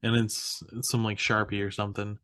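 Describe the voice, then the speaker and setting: A young man co-hosting a podcast, casually recapping a film in an animated way, acting out quotes and laughing often. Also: lowish voice, fairly quick, no room sound, studio quality. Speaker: podcast co-host. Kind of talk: casual movie recap chat.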